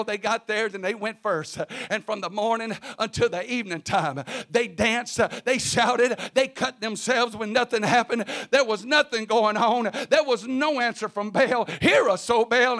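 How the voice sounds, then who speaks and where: High-pitched shouting male preacher. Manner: shouting, storytelling with acted voices. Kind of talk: sermon.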